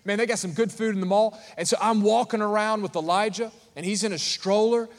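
A man's voice: high-pitched, fairly quick. A man preaching a sermon to a congregation, telling a story with humor and calling out to the listeners. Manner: animated, calls out to the congregation. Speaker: pastor. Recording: long reverb of a large hall.

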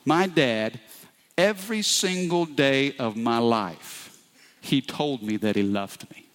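A man's voice: medium pitch, expressive, slow, a bit bright. A middle-aged male pastor preaching a sermon with passion, often turning to the congregation with asides. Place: church sanctuary. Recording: echoey hall.

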